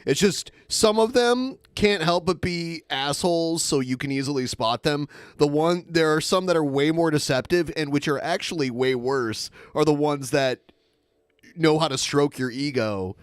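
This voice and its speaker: A man's voice: a little high, moderate pace, clean tone, no room sound. A man co-hosting a podcast, talking casually in a sarcastic, teasing way. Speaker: podcast co-host. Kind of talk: casual chat.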